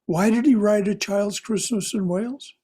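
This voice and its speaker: Breathy man leading a poetry class. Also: high voice, fairly even intonation, warm tone. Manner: storytelling, emphatic, slow on poetry. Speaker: class leader. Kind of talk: spiritual class discussion. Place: online class call.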